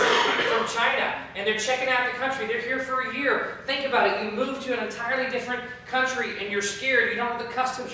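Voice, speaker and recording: A man who leads a youth ministry, giving a storytelling training talk, lively and often repeating words as he searches for them. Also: very high-pitched, distant mic, a little hiss or hum. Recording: echoey room, voice from afar.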